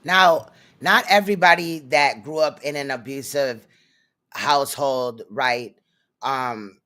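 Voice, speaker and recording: A man's voice: mid-range voice, slow pace, sharp tone. A man hosting a commentary channel, talking loosely and conversationally in between the clips he reacts to. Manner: loose, conversational, slangy asides.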